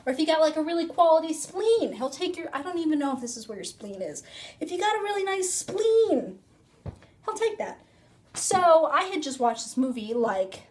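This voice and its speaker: Chatty young woman vlogger, high voice, phone-recorded storytime. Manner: chatty, rambling, filler-heavy "like". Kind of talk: casual storytime.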